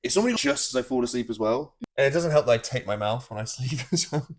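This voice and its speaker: A man's voice: mid-range voice, expressive, fast. A young man chatting casually on a podcast, easygoing and laughing at himself. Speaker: podcast guest, host's partner. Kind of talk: casual chat.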